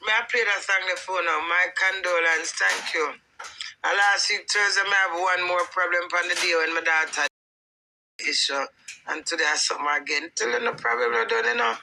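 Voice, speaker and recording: Bright-voiced Jamaican woman streaming live. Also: on the low side, normal speed, vocal fry, a little hiss or hum, low-quality recording. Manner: chatty, warm patois, preaching about life's troubles. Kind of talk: casual live stream chat.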